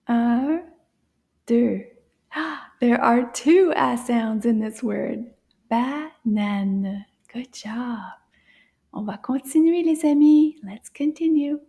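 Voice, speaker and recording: High, warm, cheerful woman teacher. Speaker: French teacher. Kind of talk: children's language lesson.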